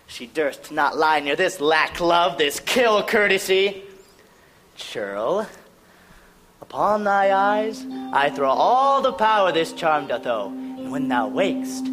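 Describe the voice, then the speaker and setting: A performer voicing a mischievous fairy sprite in a Shakespeare reading, playful and swinging between hushed lines and sudden exclamations. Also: mid-range voice.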